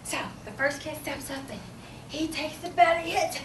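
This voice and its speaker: A woman giving a humorous contest speech, animated and acting out children's voices in a stage storytelling style. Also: a little fast, noisy background. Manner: animated, acts out children's voices in high squeals. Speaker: speech contest speaker, teacher. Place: event hall. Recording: roomy hall, mic from a distance.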